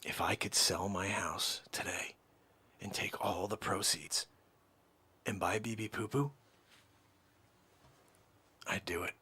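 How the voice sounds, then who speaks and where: A man improvising a sleazy, pushy crypto salesman on the phone, who whispers secrets and then shouts hype. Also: huge pitch swings, slow, few pauses, full character voice. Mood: hushed, conspiratorial. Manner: hushed conspiratorial pitch then shouting hype. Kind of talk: improvised comedy sketch.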